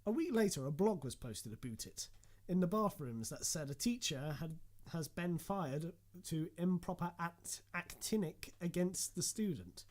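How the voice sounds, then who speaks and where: A man's voice: on the high side, animated, unhurried, a little mellow. A man giving a hammy, mock-dramatic comedy reading of fan fiction, often close to laughing. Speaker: reader.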